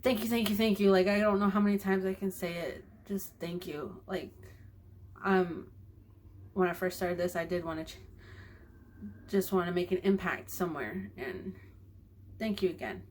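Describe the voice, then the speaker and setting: A woman's voice: lowish voice, normal speed, pauses often, a little mellow, a little hiss or hum. A young woman talking in a personal video diary, emotional and grateful, rambling with fillers. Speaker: vlogger.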